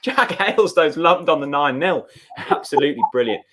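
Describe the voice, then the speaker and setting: A man's voice: fairly high pitch, lively intonation, normal speed, fairly bright tone. A man co-hosting a fan watchalong, trading joking banter about the match. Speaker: fan channel co-host. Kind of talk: excited watchalong commentary.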